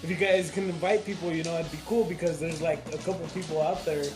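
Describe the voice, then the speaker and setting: A man's voice: fairly high pitch, steady tone, quick pace, music in the background, rough recording. A man co-hosting a podcast, telling a crude dating story in loose casual chat, full of "like". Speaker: podcast co-host.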